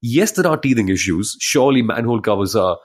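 A man's voice: lowish voice, expressive, fast, husky. A man hosting a motorsport podcast who laughs often, teases his co-hosts and steers the conversation. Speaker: podcast host. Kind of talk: casual chat.

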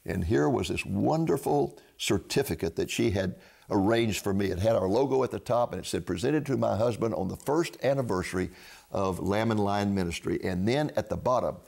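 A man's voice: fairly low pitch, animated, fairly quick, creaky, darkish tone. An older man, telling a personal faith testimony as a ministry host and acting out the dialogue he quotes. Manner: earnest storyteller, acts out quoted dialogue.

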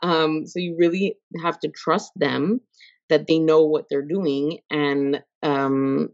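A woman's voice: sits low, fairly even intonation, takes it slowly, a little mellow, no echo. A woman guest in a casual podcast interview who talks expressively, laughs often and acts out the voices she quotes. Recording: dull lo-fi sound.

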